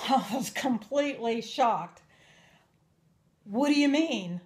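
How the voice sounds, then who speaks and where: A woman's voice: on the high side, lively intonation, unhurried, darkish tone. A young woman telling her personal testimony in an earnest, emotional way. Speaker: testimony speaker.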